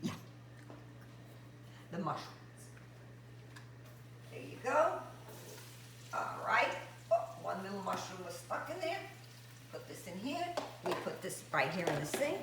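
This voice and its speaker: A woman's voice: medium pitch, sing-song, slow, long pauses, fairly bright tone, slight background noise. Chatty woman cooking in an echoey kitchen. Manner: chatty, talks herself through each step, hums to herself. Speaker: cooking show host. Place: home kitchen. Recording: echoey kitchen with frying sounds.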